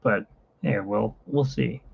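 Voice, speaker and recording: A man's voice: on the low side, slow pace, creaky, husky. A man hosting a casual livestream from his phone, rambling and chatty with frequent laughs, in dull lo-fi phone audio. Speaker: livestream host.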